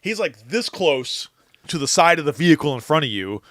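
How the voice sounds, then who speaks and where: A man's voice: a little high, sing-song, moderate pace, a bit bright, dry recording, studio quality. Ranting, profane male podcast co-host. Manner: ranting, profane, exaggerates for laughs. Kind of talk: casual chat.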